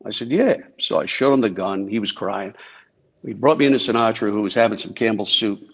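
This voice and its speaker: With a gravelly, fairly low voice and a fairly quick pace, a New Jersey man who used to be a Secret Service agent tells casual stories as a guest on a video call, leaning on plenty of fillers.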